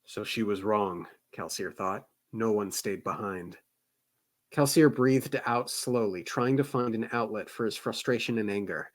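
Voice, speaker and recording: A man's voice: lowish voice, unhurried. Man reading a novel aloud. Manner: expressive reading, animated reactions. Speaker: podcast co-host reading aloud.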